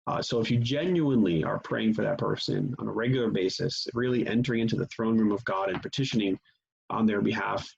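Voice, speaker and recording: Gravelly man teaching a church session. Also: on the low side, a little fast, a little hiss or hum. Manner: conversational, frequent fillers and restarts. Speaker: pastor. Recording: dull lo-fi sound.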